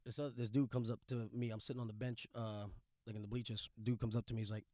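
A man's voice: medium pitch, flat delivery, fast, warm tone, dry recording, studio quality. A man from Louisiana, telling a profane, blunt story in casual chat as a podcast guest.

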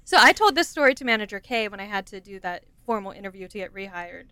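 A woman's voice: medium pitch, fast, smooth, no echo. A young woman co-hosting a podcast, telling a story in casual chat, laughing often and dropping her voice when she quotes people. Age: young adult. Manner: animated storytelling, laughs often, drops to a hush when quoting. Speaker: podcast co-host.

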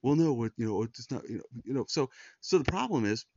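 A man's voice: mid-range voice, animated, brisk, darkish tone, slight background noise. A middle-aged man speaking in an earnest personal monologue as a Christian podcast host, often repeating words and restarting when moved. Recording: dull, dry lo-fi sound.

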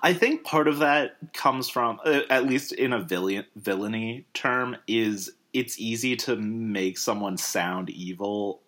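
A man casually discussing movies, rambling with many fillers and frequent jumps up in pitch. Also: measured pace, hardly any pauses, a bit bright.

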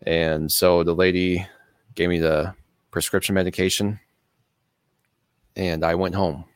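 A man telling a personal story in an earnest, halting way, pausing and restarting as he explains things slowly. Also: sits low, level tone, clean tone, dry recording. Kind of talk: personal story told to camera.

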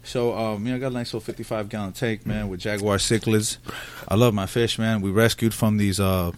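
Fast-talking profane man, podcast chat. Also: fairly low pitch, fairly even intonation, noisy background. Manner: profane, rambling storyteller. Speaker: podcast co-host.

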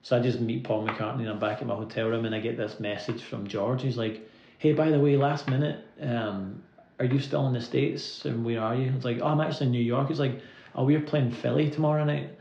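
Gravelly Scottish man telling stories. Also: mid-range voice, steady tone, a little mellow. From Scotland. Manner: rambling anecdotes full of "like" fillers, quick to laugh. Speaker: guest musician. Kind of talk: casual storytelling interview. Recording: roomy, slightly dull recording.

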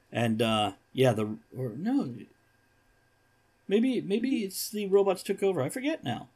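A man in casual conversation, co-hosting a talk show. His pitch swings a lot as he jokes and laughs often. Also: a little slow, husky. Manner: joking, animated, laughs often. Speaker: co-host. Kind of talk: casual chat.

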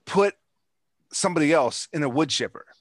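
A man's voice: on the high side, lively intonation, moderate pace, no echo, clean studio sound. Rambling, profane man in casual chat. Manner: profane, rambling, lots of restarts and fillers.

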